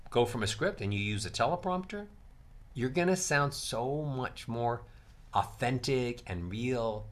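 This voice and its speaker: A male speaking coach teaching delivery, who shows emphasis by swinging his pitch and volume widely. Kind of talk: instructional talk to camera.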